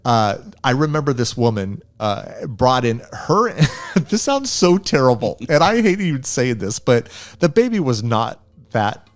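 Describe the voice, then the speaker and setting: A man's voice: medium pitch, very animated, a little slow, hardly any pauses. A man co-hosting a film review podcast, chatting casually and animatedly, swearing freely and laughing often. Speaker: podcast co-host.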